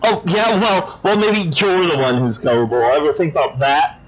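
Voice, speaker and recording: A man's voice: fairly high pitch, steady tone, moderate pace, highs cut off, slight background noise, voice pushed up, lightly acted. A man doing a squealing childish villainess. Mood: petulant whiny. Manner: petulant, squealing, sulky. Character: whiny childish female villain.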